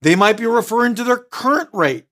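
High-voiced, punchy middle-aged male sales coach. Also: lively intonation, fairly quick, pushed and bright. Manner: direct, emphatic coaching with sudden punchy asides; switches tone to act out customers. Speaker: mortgage sales trainer. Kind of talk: recorded training seminar.

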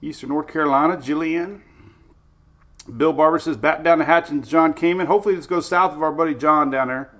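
A man's voice: fairly high pitch, fairly even intonation, a little fast, fairly bright tone. A middle-aged man hosting a live weather stream, chatty and upbeat, greeting viewers by name. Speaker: weather show host.

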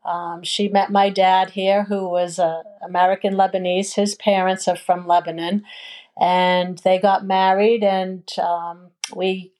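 A woman in her sixties, a guest in an interview, telling stories in a relaxed way with frequent ums. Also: medium pitch, unhurried. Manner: warm storytelling with many ums and you knows. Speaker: guest, food business owner. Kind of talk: casual interview chat.

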